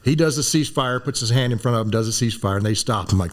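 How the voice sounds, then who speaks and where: An older man in his sixties, a former Army medic, telling animated stories in a relaxed conversation and acting out other people's voices. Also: medium pitch, rapid-fire. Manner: animated storyteller, acts out voices. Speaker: guest, former Green Beret physician. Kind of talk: storytelling in a conversation.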